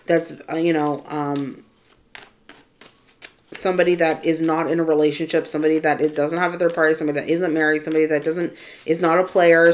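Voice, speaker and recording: A woman's voice: low voice, slight background noise. A woman giving a casual, chatty tarot reading to her viewers. She often checks in with "right?" and addresses the listener as Divine Feminine. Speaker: spiritual tarot reader.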